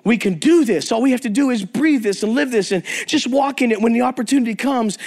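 A man's voice: very high-pitched, fairly quick, few pauses, a little mellow. A middle-aged man preaching to men, telling a story and praying, emphatic and repeating phrases for effect. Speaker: traveling preacher. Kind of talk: sermon with storytelling and prayer.

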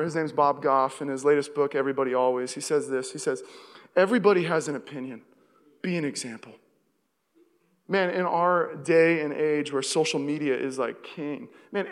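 A young male pastor delivers a sermon in a bright, fairly high voice. He tells stories with animated energy, acting out his own reactions. The sound carries the long reverb of a church hall. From Seattle area, USA. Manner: storytelling, animated, acts out his own panic.

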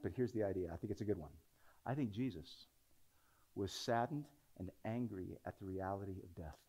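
A man's voice: medium pitch, a little mellow. A man preaching a sermon, talking conversationally and building into dramatic scripture readings.

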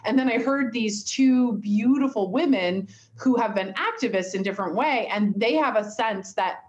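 A woman's voice: a little high, normal speed, a little mellow. A woman telling a personal story in an earnest, heartfelt way, with many fillers. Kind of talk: reflective storytelling. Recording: dull lo-fi sound.

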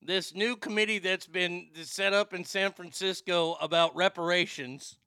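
A man's voice: high voice, fairly even intonation, unhurried, pushed and bright, smooth, no echo, clean studio sound. A man hosting a talk show, pranking a call center and joking about it afterward with stammering restarts. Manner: jokey, giggly, stammering restarts. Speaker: show host making prank calls.

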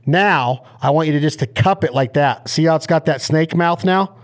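A man hosting a podcast in casual chat. He is energetic, talks over his guest at times, and coaches his guest step by step. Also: on the high side, normal speed. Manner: coaching and instructive. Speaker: podcast host.

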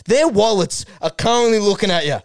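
A man's voice: sits high, expressive, brisk, clear, resonant tone, no echo. A man doing a sly Australian commentator.

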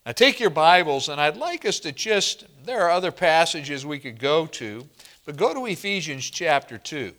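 A man preaching a sermon to a congregation, slow and emphatic, often asking the room questions and answering them. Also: on the high side, lively intonation, fairly bright tone. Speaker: pastor.

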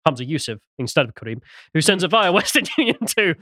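Sarcastic British man, higher voice. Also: very animated, quick pace, bright, forceful tone, dry recording, clean studio sound. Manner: mocking, sarcastic, swings into jokey mimicry. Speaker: podcast co-host presenting news stories. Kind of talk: sardonic podcast commentary.

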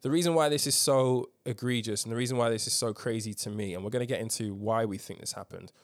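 A man's voice: mid-range voice, quick pace. A man hosting a casual current-affairs podcast, telling a story emphatically with swearing and lots of ums. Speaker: podcast host.

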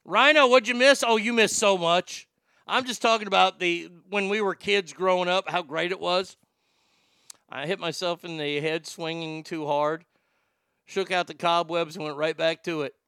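A man around forty hosts a casual podcast and tells blunt, profane stories with animated energy. His voice is bright, gravelly and very smooth. It is recorded on a close, dry mic. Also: high voice, moderate pace, no room sound. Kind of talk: casual storytelling chat.

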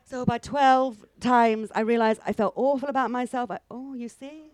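A woman's voice: a little high, steady tone, moderate pace, a little mellow, clean tone, dry recording. A woman in her fifties, a stand-up comedian chatting on stage in a put-on mock Russian accent, bawdy and self-mocking, laughing through her lines. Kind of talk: comic chat interview on stage.

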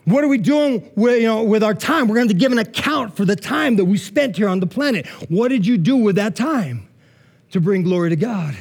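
A man's voice: high voice, expressive, fairly quick, darkish tone, slightly rough. A man preaching a sermon in a casual, conversational way, full of asides and rhetorical questions. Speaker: pastor.

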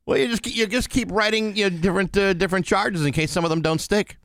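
Co-host: relaxed guy, dry quips, plain dry close sound. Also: high-pitched, fast, dry recording. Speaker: radio co-host. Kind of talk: casual chat.

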